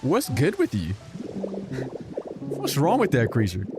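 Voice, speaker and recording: Animated, swearing gaming streamer, game music behind. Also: male voice, medium pitch, takes it slowly. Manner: animated, joking, swears freely. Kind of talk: casual gameplay commentary.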